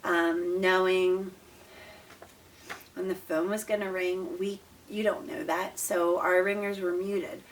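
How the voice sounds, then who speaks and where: A young woman, a parent of an autistic child, gives earnest, calm advice in a numbered list, speaking straight to camera. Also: medium pitch. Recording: voice a bit distant from the mic.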